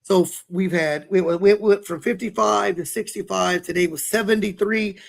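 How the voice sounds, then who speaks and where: A man's voice: high-pitched, fairly even intonation, normal speed, gravelly. A young man co-hosting a podcast, talking candidly with a rambling, self-deprecating manner over a webcam at home. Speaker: podcast co-host. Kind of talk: casual chat. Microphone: webcam, set high.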